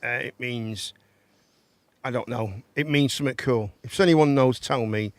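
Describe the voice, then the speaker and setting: A man's voice: mid-range voice, unhurried, dry recording. A man hosting a casual live-stream chat show. He rambles, repeats his words and banters with his guests.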